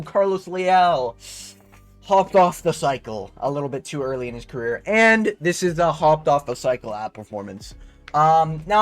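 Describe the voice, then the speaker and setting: A young man giving a casual, profane, slang-heavy fight breakdown. He rambles and keeps tagging his points with "okay?". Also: a little high. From Canada. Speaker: MMA fight analyst.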